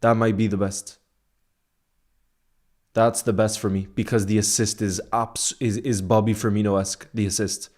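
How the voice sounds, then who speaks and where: A young man hosting a live football watchalong, chatting casually with his viewers and bursting into loud shouts when his team scores. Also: on the low side, little pitch movement, moderate pace. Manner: laid-back, chats with viewers, then erupts into loud shouting at goals. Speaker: football fan streamer. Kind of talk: live watchalong commentary and chat.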